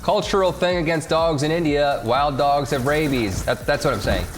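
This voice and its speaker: A man's voice: on the high side, moderate pace. A man streaming a game from home, casually chatting, joking and reading chat messages aloud. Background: game music.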